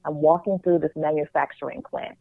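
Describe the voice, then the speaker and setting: A middle-aged spiritual practitioner, a guest in a casual interview, tells a vivid personal story and acts out what others thought. Her low-pitched voice is gravelly with a steady tone and a slightly fast pace, heard over a dry, tinny, phone-like line.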